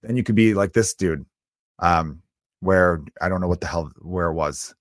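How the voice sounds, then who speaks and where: A man with a deep, low voice rambles through a solo comedy rant on his podcast. He is profane and loose, jumping from loud bursts to muttered asides. The recording is close and dry. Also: moderate pace, no room sound.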